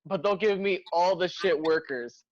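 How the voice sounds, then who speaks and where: A man's voice: high-pitched, moderate pace. A young man co-hosting a casual podcast chat, crude and laughing, swearing heavily through his stories. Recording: muffled sound.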